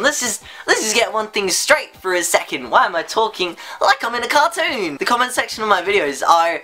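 A sleepy young man talking to his viewers in a casual vlog monologue. He stutters and restarts often and rambles with excitable, gushing energy. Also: sits high, a little fast, hardly any pauses, soft background music. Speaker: YouTuber.

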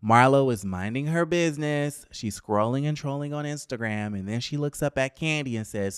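A man's voice: mid-range voice, normal speed, few pauses, clean tone, no room sound, clean studio sound. A young man giving sassy, chatty gossip commentary on a reality show, talking straight to his viewers.

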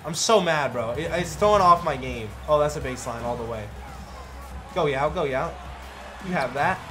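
A young man streaming a basketball video game, frustrated and foul-mouthed. His voice sits high and jumps all over the place, from low grumbles to sudden shouts. Game music plays clearly behind him. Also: animated, moderate pace. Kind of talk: live gameplay commentary.

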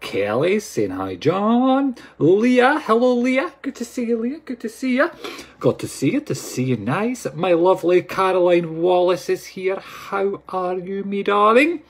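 A man's voice: high-pitched, very animated, unhurried, breathy edge. A Scottish man hosting a live stream as a psychic medium, chatting casually and playfully while greeting viewers by name.

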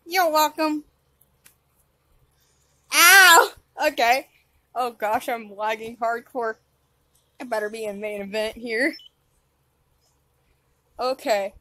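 A woman giving live gameplay commentary, excitable, often squealing and laughing. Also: fairly high pitch, takes it slowly, pauses often, a little hiss or hum. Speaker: gaming channel host.

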